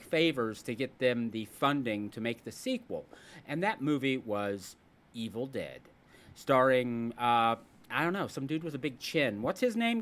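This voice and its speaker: A man hosting a casual podcast, telling stories and ranting with jokes. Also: medium pitch. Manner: animated, ranting, jokey storyteller. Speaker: podcast host. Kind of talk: casual chat.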